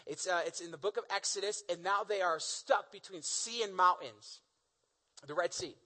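Guy preaching, high bright voice, super casual and animated. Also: normal speed, rough recording. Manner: animated storytelling, casual slang. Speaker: pastor. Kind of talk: sermon.

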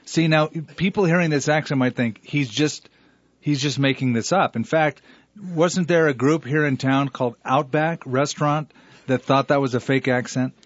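A man's voice: medium pitch, normal speed, no room sound. Male pastor, chatty, teasing, dry studio, dull sound. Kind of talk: casual radio chat. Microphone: studio microphone.

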